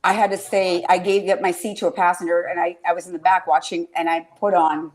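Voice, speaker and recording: A woman's voice: on the low side, little pitch movement, brisk, a little mellow. A woman hosting a casual podcast chat, rambling through stories, swearing freely and getting emotional. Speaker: podcast host.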